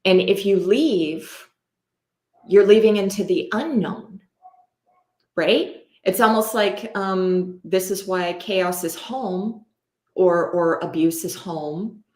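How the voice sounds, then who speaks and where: A woman's voice: mid-range voice, slow, darkish tone. A woman talking bluntly and casually as a podcast co-host, swearing often and rambling with lots of fillers. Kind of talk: candid casual conversation. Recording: roomy echo.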